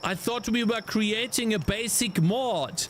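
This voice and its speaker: A man's voice: high voice, a little slow, fairly bright tone, slight background noise. A young man streaming as a game developer, ranting in exasperation with heavy swearing and sighs. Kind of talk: live-stream commentary while coding.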